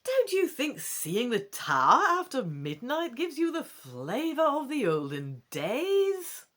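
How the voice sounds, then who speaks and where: A hurried, brave boy companion voiced by a woman speaks urgently, pitched a little higher than her narration. His delivery is lively and bold. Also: exaggerated voice.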